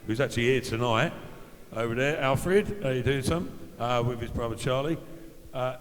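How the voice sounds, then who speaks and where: A man in his fifties, once a footballer, tells chatty after-dinner anecdotes at an evening event, acting out the voices of the people in his stories. His voice is medium-pitched. The audio is poor, with a big-room sound.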